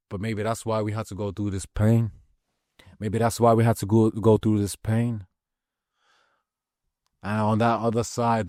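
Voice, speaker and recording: Low-voiced man giving profane pep talk. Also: a little mellow, no room sound, studio quality. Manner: profane, repetitive, emphatic. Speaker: motivational speaker. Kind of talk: impassioned spiritual pep talk.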